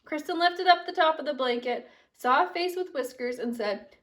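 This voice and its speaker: Young female teacher, lively read-aloud, lightly distant home recording. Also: high voice, normal speed. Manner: animated storytelling with expressive character voices. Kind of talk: reading a picture book aloud to children.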